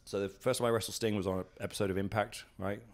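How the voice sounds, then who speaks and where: At home in a casual interview, a British professional wrestler tells stories as a guest, talking fast in a fairly low, fairly even voice. He rambles, leans on fillers, restarts often and performs other people's quotes.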